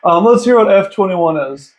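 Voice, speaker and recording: A man with a somewhat high voice walks through a hobby setup in a casual tutorial. He talks chattily and with real enthusiasm, thinking out loud as he goes. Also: normal speed, dull audio, very noisy. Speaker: model train hobbyist host.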